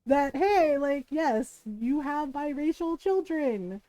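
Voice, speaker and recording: A woman streamer from the United States telling a family story in casual, animated chat while she plays, laughing often and checking in with "right?". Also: high voice, takes it slowly, dry recording, faint music behind, poor audio. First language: bilingual in Tagalog.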